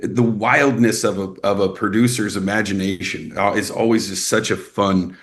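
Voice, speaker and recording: A young adult man from Texas, an actor guest in a casual interview, telling animated stories and acting out quoted people. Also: moderate pace. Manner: animated storyteller, acts out quotes with rising pitch.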